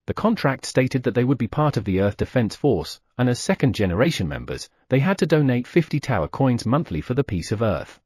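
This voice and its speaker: A man narrating an audiobook with expressive storytelling. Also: medium pitch, fairly quick, hardly any pauses, slightly rough, no room sound, clean studio sound. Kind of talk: scripted narration.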